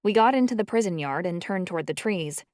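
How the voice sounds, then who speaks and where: A woman narrating a first-person audiobook in a steady storytelling manner on a close mic. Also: fairly low pitch, fast, no room sound.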